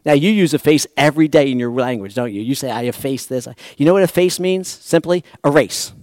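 A man preaching a sermon to a congregation, moving between hushed, slow passages and fervent, rising exhortation, with folksy asides to his listeners. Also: on the high side, animated, dry recording. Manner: shifts from hushed intimacy to impassioned, rising exhortation. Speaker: pastor. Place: church sanctuary.

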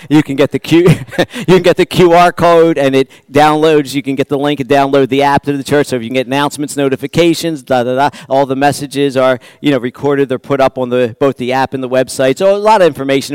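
A man's voice: mid-range voice, fairly even intonation, a little fast, hardly any pauses, a little mellow, clean tone, dry recording. A man pastor preaching a sermon in a church, talking in a conversational, rambling way with restarts and repeated words.

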